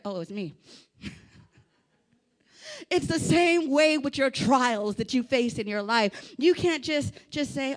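A woman preacher with a high, bright-pitched voice delivers a fervent sermon. She moves between quiet, intimate passages and loud shouted exhortations, often asking the congregation to repeat her words. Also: expressive, slow pace, pauses often.

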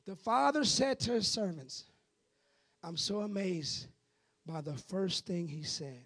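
A man preaching a sermon, swinging between shouted climaxes and hushed, pleading passages. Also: sits high, measured pace. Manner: builds to shouting, then drops to a hushed, pleading tone.

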